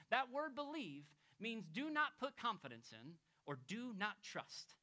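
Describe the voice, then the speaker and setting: A man who is a pastor, preaching a conversational expository sermon to a congregation, moving between emphatic raised points and soft, hushed passages. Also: very high voice, sing-song, unhurried, few pauses. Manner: storytelling, acting out quoted people.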